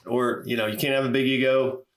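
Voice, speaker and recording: A male business coach talks on a podcast in a relaxed, storytelling way, often saying "you know". His voice has a roomy echo around it. His pitch sits in the middle range for a man. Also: a little fast. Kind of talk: casual podcast conversation.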